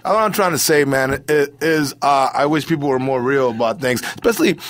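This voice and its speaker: A male comedian, a guest in a casual interview, telling stories in an animated way and scattering "man" and "bro" through his talk. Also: mid-range voice, brisk, dry recording, studio quality. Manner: animated storyteller who keeps saying "man" and "bro".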